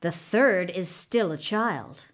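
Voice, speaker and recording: A woman's voice: on the low side, animated, slow, voice pushed down. Woman reading a scheming royal minister. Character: ambitious scheming court minister, male.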